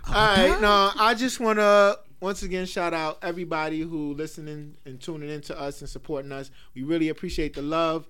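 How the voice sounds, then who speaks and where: A man's voice: on the high side, steady tone, brisk, few pauses, sharp tone, clean tone. A man hosting a podcast, teasing and swearing in casual, joking chat. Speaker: podcast host.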